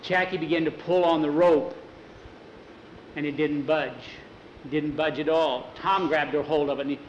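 A man's voice: fairly high pitch, steady tone, normal speed, muffled recording, slight background noise. Man telling an improvised story, echoey. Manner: casual, repeats "he said", restarts words.

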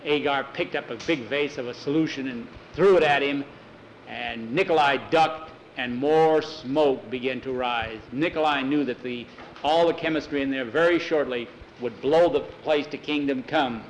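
A man's voice: mid-range voice, moderate pace, slight background noise, low-quality recording. A man telling an adventure story aloud in a plain spoken way, with some restarts. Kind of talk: dramatic oral storytelling.

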